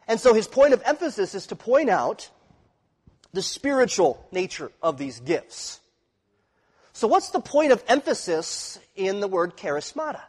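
A man's voice: high voice, expressive, a little fast, big-room sound. A man preaching an expository sermon, teaching and often checking in with his listeners. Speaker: pastor.

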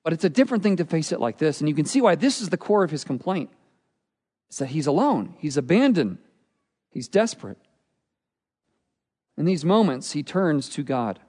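A pastor preaching a sermon with earnest, expressive delivery, often dropping to a quiet, intense tone. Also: male voice, fairly high pitch, normal speed. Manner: earnest, expressive preaching with dramatic drops in volume. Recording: long hall reverb.

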